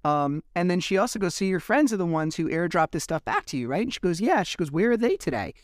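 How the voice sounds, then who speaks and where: A man's voice: sits high, animated, fast, dry recording, studio quality. A man hosting a podcast, retelling events casually and animatedly, acting out quoted exchanges and swearing at times. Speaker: podcast host. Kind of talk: casual monologue recap.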